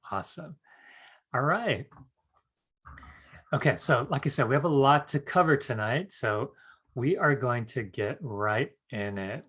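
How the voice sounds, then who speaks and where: A man teaching a live online psychic class, talking in a relaxed, chatty way and reading viewer comments aloud. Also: fairly low pitch. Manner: soothing guided-meditation tone. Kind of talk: casual live-stream teaching.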